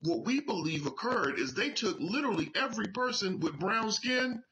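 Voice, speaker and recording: A man hosting political commentary, talking emphatically and profanely, his voice climbing toward shouts when he gets angry. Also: high voice, expressive, moderate pace, a little hiss or hum, rough recording. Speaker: commentary show host.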